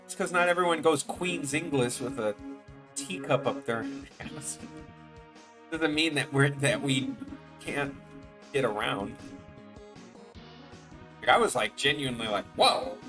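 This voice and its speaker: A man casually chatting while he works on a live stream, rambling and restarting his sentences, and turning animated and incredulous when he tells a story. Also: medium pitch, measured pace, pauses often, music in the background. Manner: rambling and offhand, trailing off and restarting.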